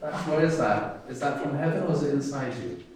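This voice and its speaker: A man giving a relaxed sermon in a hall, speaking at an everyday pitch. He talks in a loose, conversational way, trails off into fillers and keeps turning to the congregation with questions. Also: fairly quick, a little hiss or hum. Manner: chatty, quizzes listeners with frequent fillers. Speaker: preacher. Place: arts centre hall.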